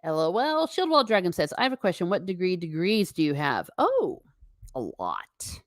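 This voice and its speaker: A woman's voice: lowish voice, big pitch swings, brisk, no room sound, studio quality. Chatty woman reading stream chat. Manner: chatty, reads viewer comments aloud, laughs often. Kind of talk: casual chat. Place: home.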